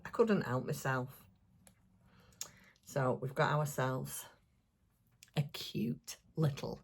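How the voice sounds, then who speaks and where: Excitable and gushing, a female crafting vlogger rambles through a casual show-and-tell, packing her talk with fillers. Her voice is low and slightly husky, and the homely tone is like chatting with a friend.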